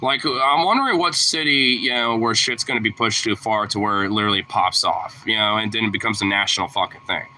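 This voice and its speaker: A man's voice: lowish voice, a little fast, few pauses, bright, forceful tone, slight background noise, rough recording. A young man from Portland in a casual vlog, rambling with many fillers and heavy swearing. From Portland, Oregon.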